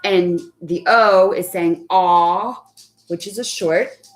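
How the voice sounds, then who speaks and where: Young woman teacher, slow and patient, warm praise for each child, sounding words out for early readers. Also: on the low side, fairly even intonation, faint music behind. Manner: slow and deliberate when spelling out words. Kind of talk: live online phonics lesson.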